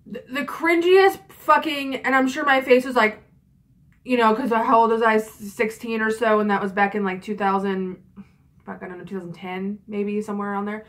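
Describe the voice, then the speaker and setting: A woman's voice: on the high side, fairly even intonation, normal speed, a bit bright. A young woman in her twenties telling a story in a casual vlog, chatty and frank, with lots of fillers and swearing. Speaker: vlogger.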